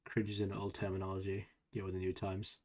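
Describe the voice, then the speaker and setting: A man's voice: deep voice, completely flat delivery, fast talker, a little mellow. A man livestreaming in casual chat, sarcastic and laughing as he argues with his viewers.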